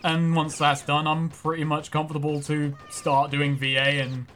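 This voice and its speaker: A man's voice: a little high, monotone, normal speed, fairly bright tone, a little hiss or hum. Joking man streaming a game. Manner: joking, swears freely, self-mocking. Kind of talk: casual gaming livestream banter.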